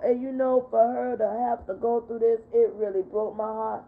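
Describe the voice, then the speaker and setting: Older woman, livestream host, higher voice, heartfelt and repeating herself, tinny phone audio. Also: normal speed, creaky, few pauses. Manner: heartfelt, repetitive, upset but steady. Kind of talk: casual livestream chat.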